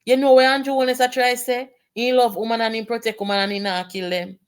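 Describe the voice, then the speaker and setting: A woman's voice: fairly high pitch, level tone, fast, smooth. A woman with a Jamaican accent, delivering impassioned political commentary with indignant, emphatic rhetorical questions.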